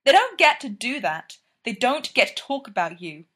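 A woman's voice: fairly high pitch, expressive, slow pace, fairly bright tone, exaggerated voice. A woman voicing an agitated young hockey player. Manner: emphatic, agitated protests. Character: young male hockey player, earnest and upset.

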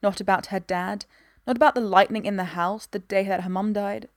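A woman narrating a story in an even, gentle voice at a medium pitch. The recording is dry and close. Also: brisk, dry recording. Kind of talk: storybook reading.

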